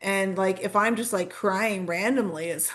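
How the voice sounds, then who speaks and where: A woman's voice: mid-range voice, unhurried, fairly bright tone. A woman podcast host talking candidly in a casual way, with frequent fillers and hesitations.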